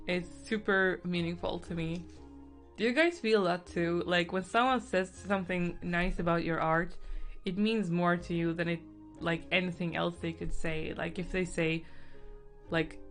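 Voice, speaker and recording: A woman's voice: fairly low pitch, moderate pace, soft background music. A woman chatting casually on a live art stream, teary and emotional, laughing often.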